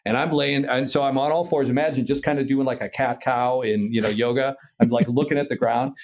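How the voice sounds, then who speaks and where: A man from Minnesota, a paraglider pilot and podcast guest, telling a story in a casual, animated way, swearing freely and imitating sounds. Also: medium pitch, normal speed. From Minnesota, USA.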